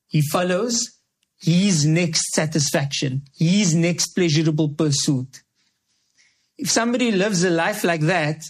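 A man with a notably high voice teaches a verse-by-verse Quran commentary. He explains each Arabic word in English and leans on rhetorical questions and emphatic repetition, his pitch often rising as he presses a point.

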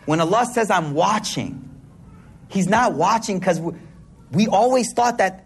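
A man's voice: high-pitched, measured pace, gravelly, slightly rough. A man giving a sermon to an audience in a hall, mixing casual slang with religious teaching and acting out voices. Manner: casual slang-filled preaching, animated voices. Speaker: preacher.

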